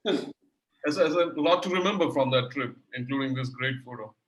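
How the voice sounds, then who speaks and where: A man's voice: mid-range voice, normal speed, fairly bright tone, echoey room, poor audio. A man hosting an interview, asking questions hesitantly with many filler sounds. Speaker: host.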